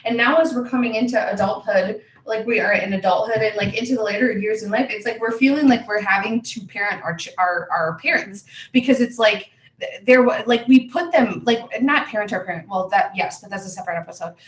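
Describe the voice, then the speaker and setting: A woman's voice: mid-range voice, fairly quick, echoey room, distant mic. A woman in her thirties co-hosting a casual podcast, a mother talking bluntly and swearing freely as she retells her day with animation. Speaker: podcast co-host. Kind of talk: casual chat.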